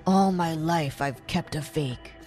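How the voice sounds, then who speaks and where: A woman plays a stern middle-aged father in an animated story. He gives orders with a firm, commanding voice. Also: medium pitch, measured pace, faint music behind, pitched below the performer's own voice. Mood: shaken.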